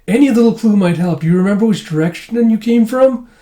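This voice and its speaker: A man voicing a kind, polite young woman who speaks gently and courteously, read from a comic. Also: high-pitched, animated, quick pace, pitched above the performer's own voice. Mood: gentle.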